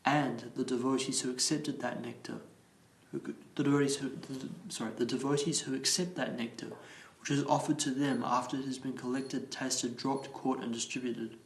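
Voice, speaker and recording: A man leading a morning class, reading scripture aloud slowly and carefully and explaining it, restarting some verse words. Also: mid-range voice, level tone. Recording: roomy echo.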